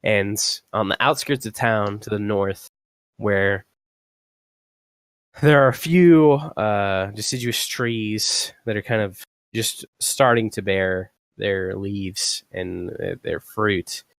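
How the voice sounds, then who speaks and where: A young man narrating as dungeon master, halting and full of fillers and restarts. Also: fairly low pitch, dry recording. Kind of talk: narrating a tabletop game.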